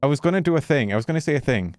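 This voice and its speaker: A man streaming as a VTuber, rambling casually to his chat, a little out of breath in a warm room. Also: a little high, very fast, soft background music. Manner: rambling, self-interrupting, animated. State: slightly out of breath. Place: warm bedroom.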